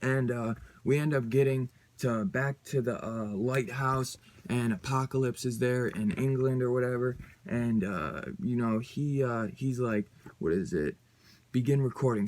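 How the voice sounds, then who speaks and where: A man's voice: medium pitch, measured pace. A man giving a casual comic book review on his channel, rambling and loose, with lots of fillers and some swearing.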